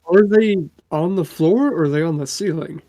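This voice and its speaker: A man's voice: a little high, normal speed, mellow, no room sound. A man playing a tabletop game, talking through his rolls in a matter-of-fact, casual way. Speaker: player.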